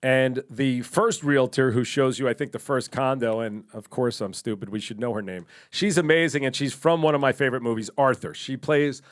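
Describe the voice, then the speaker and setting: A man co-hosting a podcast, telling a long story in casual chat, animated, laughing and swearing now and then. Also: medium pitch, normal speed, hardly any pauses. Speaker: podcast co-host.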